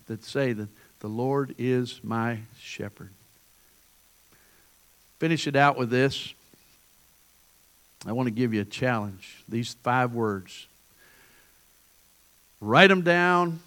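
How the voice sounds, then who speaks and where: A man pastor preaching a sermon, building emphatic repeated refrains and then praying softly. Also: medium pitch, measured pace, pauses often.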